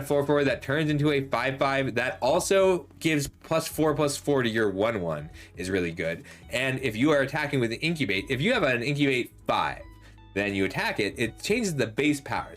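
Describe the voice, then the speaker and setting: A man talks through a card set review in a lively, up-and-down voice, chatty and analytic, catching and fixing his own phrasing as he goes. His voice is a little worn from talking, and faint music plays underneath. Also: mid-range voice. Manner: chatty and analytic, with frequent ums and self-corrections. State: slightly losing his voice. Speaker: host reviewing game cards.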